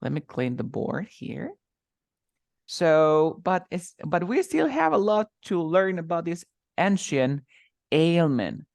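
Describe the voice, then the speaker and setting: A man's voice: a little high, sing-song, takes it slowly, vocal fry, darkish tone, no echo, clean studio sound. A man teaching English, patiently explaining words and stress while switching between English and Spanish. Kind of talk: bilingual English lesson.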